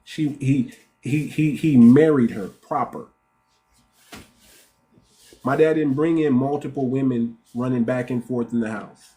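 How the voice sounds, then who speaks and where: A man's voice: medium pitch, steady tone, measured pace, pauses often, warm tone. A man talking on a livestream as a relationship coach and host, blunt and direct, often restarting his sentences and repeating words. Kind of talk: casual livestream talk.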